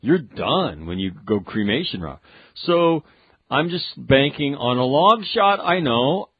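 A man's voice: mid-range voice, very animated, measured pace, husky, no echo, narrow, tinny audio. A man hosting a radio talk show, chatting casually and rambling with jokes. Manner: rambling, jokey, acts out quotes.

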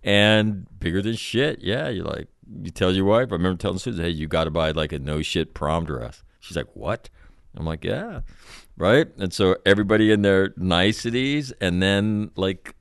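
Middle-aged man, very low smooth voice, dry close sound, rambling profane storyteller. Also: normal speed, hardly any pauses, no room sound. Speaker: former Marine officer recounting stories. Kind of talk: casual storytelling chat.

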